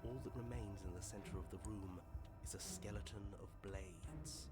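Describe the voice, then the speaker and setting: An actor voicing a game's narrator and the hero's inner voice, dry and wry, telling gory scenes vividly. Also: male voice, lowish voice, moderate pace, over loud music, natural voice. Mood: grim. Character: grim game narrator and inner hero voice, man. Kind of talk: video game narration.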